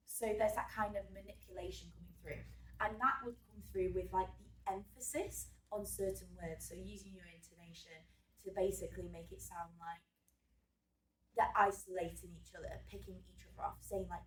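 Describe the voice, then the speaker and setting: Chatty drama teacher in an echoey room. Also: female voice, mid-range voice, fairly even intonation, brisk. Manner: chatty, thinks aloud, corrects herself. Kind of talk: recorded revision lesson. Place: room at school. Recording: roomy echo, mic at a distance.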